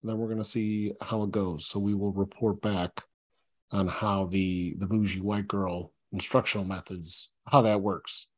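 A man co-hosting a podcast in casual chat, agreeable and summing up points in a deliberate way. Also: lowish voice, level tone. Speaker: podcast co-host.

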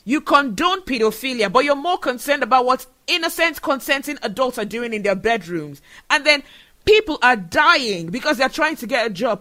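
A man's voice: very high-pitched, sharp tone. A man from Nigeria, hosting a solo podcast and talking in an earnest, emotional way. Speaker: show host.

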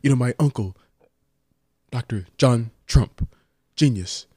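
A man's voice: mid-range voice, takes it slowly, a little mellow, husky, no echo, studio quality. A man putting on a rambling, boastful president impression in a podcast chat. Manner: bragging, repetitive, pompous.

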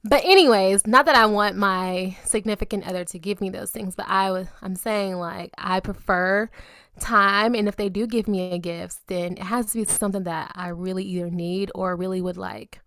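A woman's voice: medium pitch, fairly even intonation, moderate pace, a bit bright, dry recording, studio quality. A young adult woman co-hosting a podcast in casual chat, playful and slangy, laughing often. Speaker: podcast co-host.

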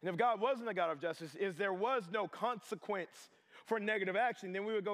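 A middle-aged pastor delivers a sermon, his voice sitting high and bright for a man. He swings between fervent loud passages and hushed, intimate asides. The sound carries a long reverb, like a large chapel hall. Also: fairly quick.

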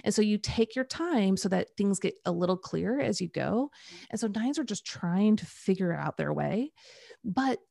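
A middle-aged woman coaching on the Enneagram, telling animated personal stories and acting out what people said. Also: medium pitch, moderate pace, vocal fry, dry recording, studio quality. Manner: animated storytelling, acts out quoted voices. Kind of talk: conversational podcast talk.

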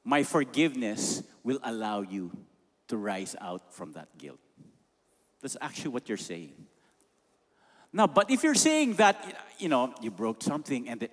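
A man's voice: mid-range voice, very animated, moderate pace. A man with a Filipino accent preaching a sermon emphatically, slipping Tagalog phrases into his English. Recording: long reverb of a large hall.

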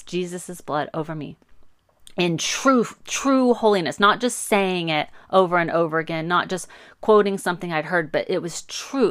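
A middle-aged woman tells a faith testimony with earnest passion, her voice sitting on the low side. The sound is dry and close, with no room echo. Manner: earnest, impassioned storytelling. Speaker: podcast host. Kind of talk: faith talk with personal testimony.

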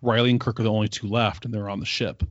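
Chatty lower-voiced man recapping. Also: flat delivery, fast, no echo, dull audio. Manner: rambling, lots of ums and quoted asides. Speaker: podcast co-host recapping an episode. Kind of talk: casual chat.

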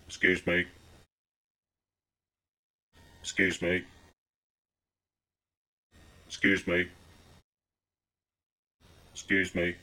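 A storyteller puts on a hapless male driver whose voice drops low and thin into a timid mumble. He is short-tempered underneath. The tone sounds hushed and muffled, unlike the storyteller's own. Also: exaggerated voice.

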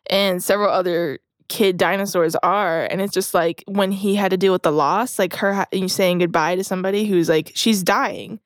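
Young woman, podcast co-host, relaxed and chatty, leads the talk, dry close sound. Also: on the low side, normal speed, few pauses, dry recording. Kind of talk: casual chat.

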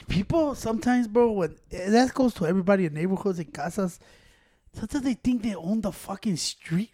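A man's voice: sits high, a little mellow, no room sound. Profane bilingual man, dry close sound. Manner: switches between English and Spanish slang, profane. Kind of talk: casual podcast chat.

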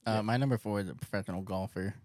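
A man's voice: lowish voice, very fast, darkish tone, dry recording, clean studio sound. A man co-hosting a casual podcast, easygoing and sure of himself. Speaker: podcast co-host. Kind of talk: casual chat.

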